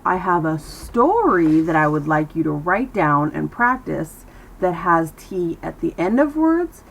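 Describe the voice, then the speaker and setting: Woman, pronunciation teacher, slow and careful, lively pitch. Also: poor audio. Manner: slow, careful, repeats sounds for the learner. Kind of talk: English pronunciation lesson.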